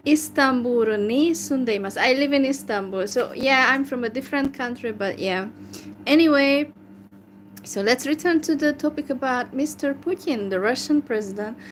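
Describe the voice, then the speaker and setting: A woman's voice: high voice, normal speed, a little hiss or hum, low-quality recording. A woman from Hungary, chatting casually and giving opinions, hesitant and full of fillers and restarts. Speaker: language learner chatting with strangers.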